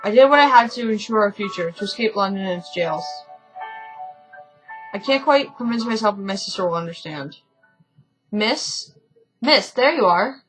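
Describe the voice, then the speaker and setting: A woman's voice: mid-range voice, lively intonation, brisk, soft background music, rough recording. A woman reading a story game aloud in a casual let's-play, often stumbling and correcting herself, with chatty asides.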